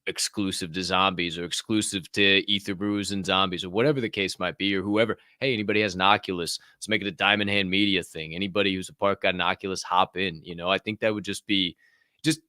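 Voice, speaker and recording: A low-pitched man co-hosting a casual podcast, with a forceful, punchy tone. He swears freely and tells his stories with big animated energy, and his voice sounds dry and close with no room sound. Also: fast talker, no echo. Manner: loud, profane, animated storyteller. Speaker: podcast co-host.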